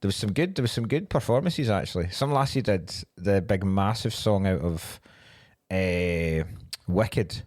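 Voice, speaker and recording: A young Scottish man telling jokes and stories in a sweary, deadpan casual chat. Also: deep voice, a little slow. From Scotland.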